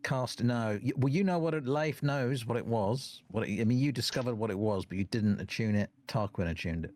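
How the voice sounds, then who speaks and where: A man playing in a tabletop game, talking in a halting way with many fillers and restarts while planning. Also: medium pitch, darkish tone, a little hiss or hum. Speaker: player. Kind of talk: casual tabletop game chat.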